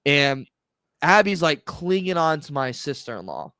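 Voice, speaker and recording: A man's voice: fairly high pitch, very animated, measured pace, pushed and bright, clear, resonant tone, no room sound, clean studio sound. A man co-hosting a casual podcast, telling family stories and laughing through them. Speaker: podcast co-host. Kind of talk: casual storytelling chat.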